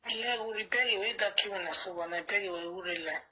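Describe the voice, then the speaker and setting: A woman's voice: mid-range voice, brisk, bright, forceful tone, slightly rough, low-quality recording. A woman with a Nigerian accent, calling in angry and insistent, pressing her points hard with repeated words. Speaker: caller. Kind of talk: heated phone call.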